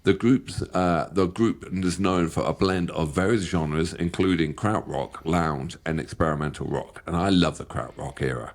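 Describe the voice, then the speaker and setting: A man's voice: sits low, normal speed, hardly any pauses. A man hosting a casual reaction chat, rambling and jokey as he reads notes aloud. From England. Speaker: host.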